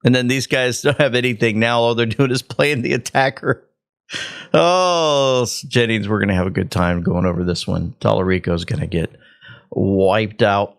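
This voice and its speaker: A man's voice: fairly low pitch, normal speed, creaky. Sarcastic male political commentary host. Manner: sarcastic, mocking. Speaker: show host. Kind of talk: political commentary over clips.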